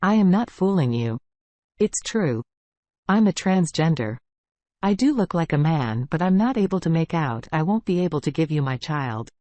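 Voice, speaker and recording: A woman reading the lines of an anxious, pleading young husband in a narrated story, in a low voice. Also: lively intonation, normal speed, mellow, no room sound, lo-fi sound. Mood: apologetic. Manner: apologetic, earnest.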